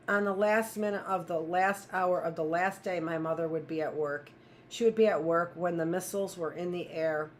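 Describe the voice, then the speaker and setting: A woman's voice: lowish voice, normal speed, slight background noise. A woman teacher reading a novel aloud in a plain, first-person storytelling voice.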